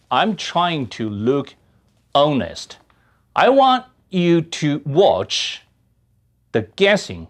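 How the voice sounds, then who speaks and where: Slow-talking man with a lively voice. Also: mid-range voice. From China. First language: Chinese. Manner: slow, deliberate speech with demonstrative sung and hummed examples. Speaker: music teacher. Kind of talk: talking-head music lesson.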